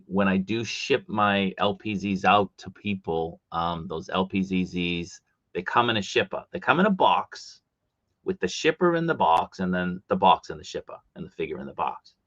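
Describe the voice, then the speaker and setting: A man's voice: deep voice, fairly bright tone, dry recording, highs cut off. A man with a Boston accent hosting a casual live stream, rambling through chat comments with plenty of fillers. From Boston, USA.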